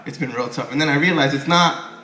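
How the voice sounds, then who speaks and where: Fast and on the high side, a young man's bright, forceful voice drives a rambling stand-up set full of profanity and stammered restarts. He's on a comedy club stage, with the echoey room picking up the crowd and its laughter.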